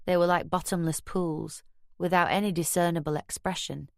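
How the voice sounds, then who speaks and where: A woman narrating a crime audiobook in the first person, measured and wry, recorded close on a studio mic. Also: on the low side, fairly even intonation, gravelly, no echo.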